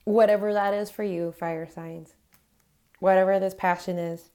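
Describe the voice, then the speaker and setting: A woman's voice: medium pitch, steady tone, normal speed, dark tone. A woman reading tarot cards to camera, speaking earnestly and encouragingly and growing emotional as she reassures her viewers. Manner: gives affirmations straight to her viewers. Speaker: tarot reader.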